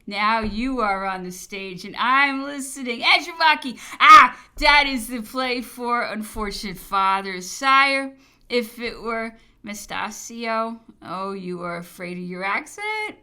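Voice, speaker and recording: A commanding, brusque aging emperor barks curt orders and teases his servants, as a woman reading the memoir puts him on. The voice sits a little high and very bright. The delivery is imperious and clipped. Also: lively intonation, unhurried, clean tone, exaggerated voice.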